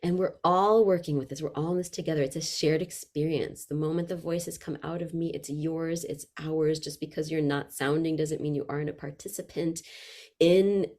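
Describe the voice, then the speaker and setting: A woman vocalist and voice workshop leader talking in an interview, expressive and shifting freely in loudness and pace. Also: sits low, moderate pace. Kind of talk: reflective interview conversation.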